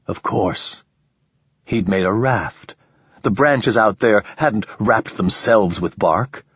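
A man reading a novel aloud as an audiobook narrator, in a measured, even storytelling manner. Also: on the low side, slightly rough, no room sound, highs cut off. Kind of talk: scripted narration.

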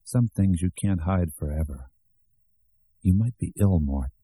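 A man reading an audiobook, voicing a quiet, needling male inner voice that taunts the hero. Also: low-pitched, animated, measured pace, breathy edge, dry recording, pitched below the performer's own voice, heavily acted. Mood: taunting.

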